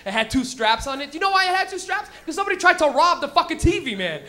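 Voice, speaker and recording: A man doing a stand-up set at a live comedy club. He is loud and profane and laughs at his own stories. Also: very high voice, big pitch swings, fast talker.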